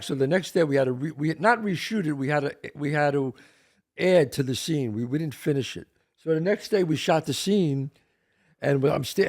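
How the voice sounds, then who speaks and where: An older man, co-host of a casual talk show, telling stories with lively gestures and acting out the people he quotes. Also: on the high side. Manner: animated, acts out quoted voices. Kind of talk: casual storytelling chat.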